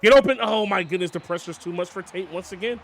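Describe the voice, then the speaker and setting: A young man giving casual, excitable play-by-play commentary on his football video game, often calling out to "boys" and "man". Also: sits high, quick pace. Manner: excitable, hypes big plays, keeps saying "boys" and "man". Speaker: gaming YouTuber.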